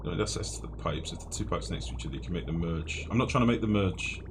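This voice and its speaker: A man's voice: low voice, fast talker, background noise. A young man streaming a video game, chatting flusteredly to his viewers and mocking himself. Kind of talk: live-streamed gameplay commentary. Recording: music playing clearly behind voice.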